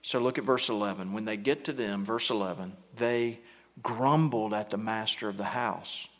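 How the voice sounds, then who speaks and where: A male pastor preaching a sermon in a church, moving between hushed, low passages and loud, emphatic pushes. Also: normal speed. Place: church sanctuary. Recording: long hall reverb.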